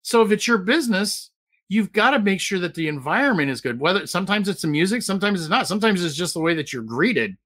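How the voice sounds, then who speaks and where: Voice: mid-range voice, very animated, quick pace, a bit bright. A host interviewing a guest over a video call, speaking conversationally and steering the talk with questions.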